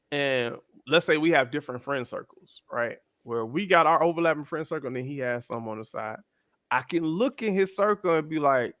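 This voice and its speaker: A man in his thirties co-hosting a podcast, speaking in an animated, slangy chat. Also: moderate pace, dry recording, studio quality. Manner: animated, slangy, jumps into high-pitched voices when quoting others. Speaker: podcast co-host. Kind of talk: casual chat.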